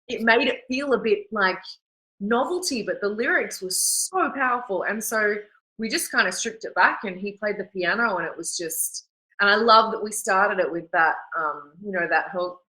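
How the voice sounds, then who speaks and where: A woman's voice: medium pitch, moderate pace, bright, forceful tone, rough recording. A woman, a singer, chatting in an interview, gushing and rambling with lots of restarts. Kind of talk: casual interview chat.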